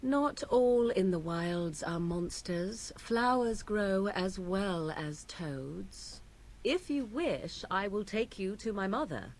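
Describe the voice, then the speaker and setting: Haughty young witch of the wilds, slow and archaic, lively lilt. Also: mid-range voice. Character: aloof mysterious young witch woman of the wilds.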